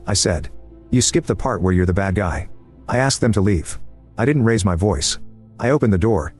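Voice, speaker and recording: Faint background music plays under a man's scripted first-person story narration. He reads steadily and briskly in a slightly low register, keeping an even, measured tone spiced with dry similes.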